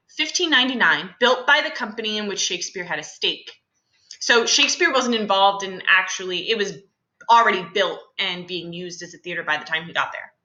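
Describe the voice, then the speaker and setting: A woman's voice: mid-range voice, pushed and bright, roomy sound, rough recording. A young adult woman teacher talking through a class lesson in a chatty, casual way with many fillers and asides.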